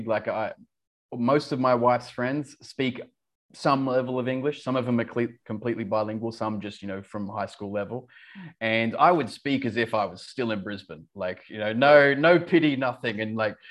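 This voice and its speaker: A man with an Australian accent, an English teacher chatting casually as a podcast guest, relaxed with frequent fillers and restarts. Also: mid-range voice, moderate pace.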